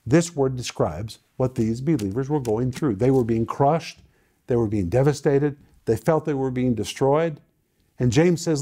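A male preacher teaching a sermon, emphatic and repetitive, with sudden swings in loudness and pitch. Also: moderate pace. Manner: emphatic, repeating phrases with sudden dynamic swings.

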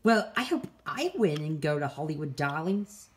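A woman's voice: expressive, normal speed, slight background noise. Rarity, a woman doing a prissy engine. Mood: excited. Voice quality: high, theatrical voice. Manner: fussy and self-admiring. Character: prissy, dramatic female engine who calls everyone darling. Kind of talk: amateur fan drama voice acting.

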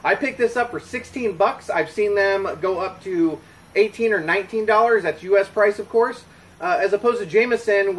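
A man hosting a casual whiskey review to camera at a home bar, relaxed and joking. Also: high-pitched, low-quality recording. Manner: relaxed, joking, chatty with fillers. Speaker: whiskey reviewer, channel host.

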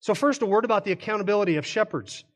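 A man's voice: sits high, animated, racing. A male pastor preaching an expository sermon, earnest and explanatory, stopping now and then to correct himself.

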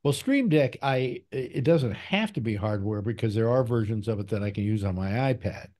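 A man's voice: lowish voice, expressive, warm tone. A man hosting a casual panel show, chatting easily and stopping often to restart his sentences. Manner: easygoing, halting with many restarts. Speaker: show host. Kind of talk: casual chat with panel on a video call.

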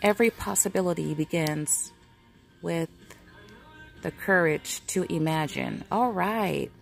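A middle-aged woman vlogs about crafts while browsing an indoor store aisle, chatting casually and reading product labels aloud to herself. Her fairly low voice has vocal fry and is very animated, moving a little slowly over soft background music.

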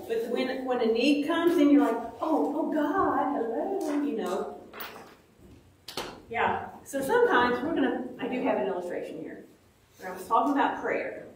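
Lively woman teaching kids in an echoey room. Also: high voice, slight background noise. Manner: lively, asks questions, acts out little prayers. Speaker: children's Bible teacher. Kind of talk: interactive children's lesson. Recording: echoey room, mic far off.

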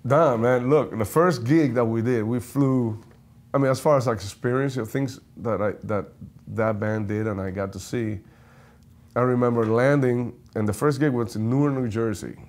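Cuban-born older man, native Spanish speaker, lively yarn-spinner who acts out voices. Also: medium pitch, normal speed. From Cuba. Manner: animated storyteller, acts out voices, laughs often. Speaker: guest percussionist. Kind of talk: casual storytelling interview.

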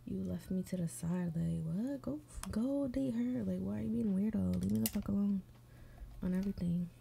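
A woman with a medium-pitched, gravelly, mellow voice hosts an advice show at a moderate pace, with slight background noise. While doing her makeup and reading stories, she chats casually and bluntly, swearing a lot and sometimes mumbling under her breath in a profane running commentary.

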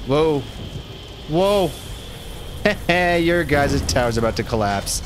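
A man streaming a fantasy game, commenting casually in a goofy, excitable, playful way. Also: mid-range voice, measured pace, slight background noise. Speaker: gaming streamer. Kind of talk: casual let's-play commentary.

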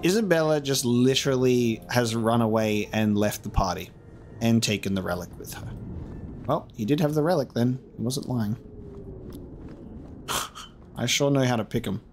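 A man's voice: mid-range voice, normal speed, pauses often. A man giving casual gameplay commentary, chatty and self-mocking, swearing and laughing often. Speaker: let's play gamer. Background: faint game music.

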